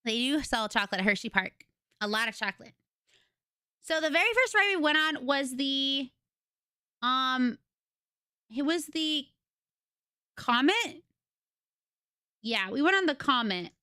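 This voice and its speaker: A young woman livestreamer with a high, bright voice chats casually with her live audience, telling stories in an excitable, giggly way. She speaks a little slowly and pauses often. The sound is clean studio quality from a desk microphone, with no echo.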